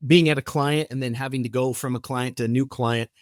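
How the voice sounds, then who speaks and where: Man, podcast guest, animated storyteller, mid-pitched voice, dry close sound. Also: a little fast, dry recording. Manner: animated storyteller, acts out quoted dialogue, frequent restarts. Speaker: podcast guest, company founder. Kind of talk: storytelling in casual interview.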